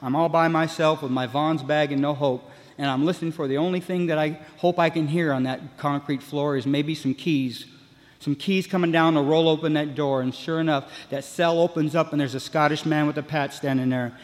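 A man with a somewhat high voice tells his recovery story to a meeting, wandering and looping back with "you know" and many restarts. He slips into other people's voices as he goes. The sound rings out with a long hall reverb. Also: fairly even intonation, brisk. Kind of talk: personal recovery story told to a room.

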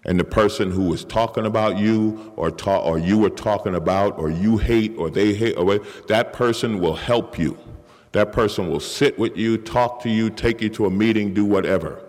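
Deep-voiced man sharing his recovery story. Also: darkish tone. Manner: candid, self-mocking, acts out inner voice. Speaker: speaker sharing at a recovery meeting. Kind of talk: personal recovery share. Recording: long reverb of a hall.

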